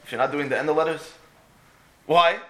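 A man's voice: a little high, fairly quick. A man giving a storytelling Torah talk, asking and answering his own questions. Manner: animated, asks and answers his own questions, mixes in Hebrew phrases. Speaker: Torah teacher.

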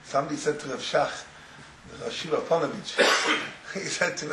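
A man who teaches religious students, giving an informal Torah talk as an animated storyteller who laughs through his words and drops in Yiddish phrases. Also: on the high side, normal speed, crowd noise. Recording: roomy echo, faint ambience.

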